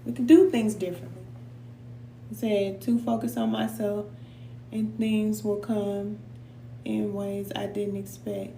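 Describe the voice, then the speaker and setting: A woman's voice: mid-range voice, level tone, unhurried, vocal fry, mellow, a little hiss or hum. Heartfelt woman spiritual reader, echoey room. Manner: heartfelt, preacherly, slips into casual Black American slang; sometimes emotional and sighing. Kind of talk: live tarot reading and motivational talk.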